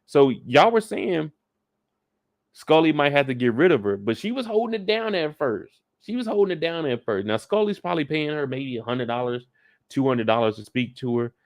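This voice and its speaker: A man's voice: on the high side, animated, normal speed, no room sound, clean studio sound. Laid-back slangy man recapping a show. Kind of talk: casual live recap talk.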